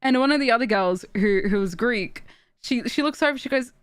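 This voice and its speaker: A young woman from Australia, chatting casually on a stream and telling stories in an animated way, with restarts and laughs. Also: on the high side, brisk, smooth, no echo, studio quality. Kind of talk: casual chat while streaming.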